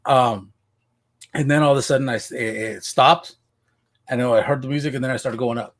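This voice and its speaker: A man from Washington State telling his life story as a podcast guest, casual and animated, acting out what he said back then. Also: mid-range voice, brisk. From Washington State, USA. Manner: animated, acts out his own past voice.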